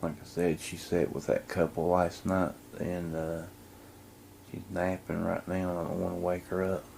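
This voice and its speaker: A man vlogging casually with a camcorder, chatting to his dogs and hushing his voice indoors. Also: low-pitched, monotone, normal speed, vocal fry, slight background noise. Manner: talks to his dogs in a coaxing voice, drops to a hush indoors. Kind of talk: casual vlog narration to camera. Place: house indoors, then backyard outdoors. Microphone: handheld camcorder mic.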